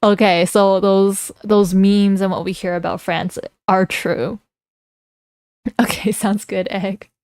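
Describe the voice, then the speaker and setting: A woman's voice: medium pitch, level tone, measured pace, hardly any pauses, darkish tone, smooth, no echo, studio quality. A young woman chatting playfully with her viewers on a livestream, teasing and laughing often. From Canada. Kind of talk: casual livestream chat.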